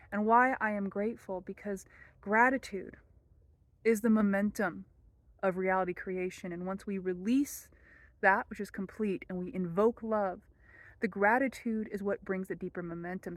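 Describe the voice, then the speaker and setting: Gentle, measured woman teaching spirituality. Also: medium pitch, fairly even intonation, no echo. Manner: gentle and measured, softening to a hush when repeating the prayer.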